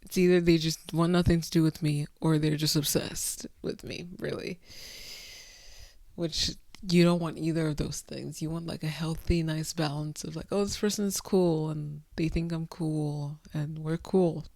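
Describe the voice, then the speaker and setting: A woman's voice: deep voice, level tone, moderate pace, darkish tone, no echo. A woman in her twenties chatting candidly to camera at home, laid-back and drifting, laughing at herself and feeling the heat. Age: 20s. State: overheated. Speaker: vlogger. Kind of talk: candid casual chat to camera. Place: room at home.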